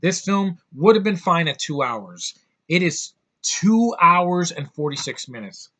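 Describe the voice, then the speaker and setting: A man's voice: on the high side, sing-song, unhurried, sharp tone. A man giving a casual film review, blunt and rambling, swearing often and restarting his sentences. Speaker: movie reviewer.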